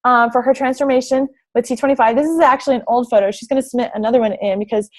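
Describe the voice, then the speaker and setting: A woman's voice: on the high side, fairly even intonation, rapid-fire, a little mellow. A young woman coaching fitness, giving a bubbly, gushing presentation over slides, full of "like" and "oh my gosh".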